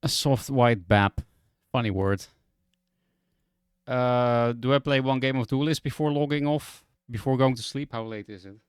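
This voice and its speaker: A man's voice: mid-range voice, normal speed, smooth, no room sound, studio quality. A man whose first language is Dutch, chatting frankly and rambling on a game stream. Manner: frank, rambling, restarts often. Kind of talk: casual stream chat.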